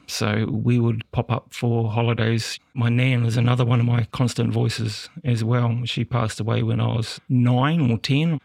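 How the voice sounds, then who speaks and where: A young man with a New Zealand accent tells his own stories in a relaxed, candid way. His mid-range voice has a gravelly edge. He laughs easily as he talks. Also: mid-range voice, dry recording. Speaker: podcast guest. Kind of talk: personal storytelling.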